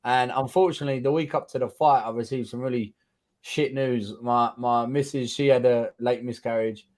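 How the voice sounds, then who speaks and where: A man's voice: mid-range voice, fairly even intonation, normal speed, darkish tone. A man in his thirties with a London accent, telling his story in a casual interview, blunt and swearing freely as he acts out what people said. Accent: London English. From England. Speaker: guest fighter.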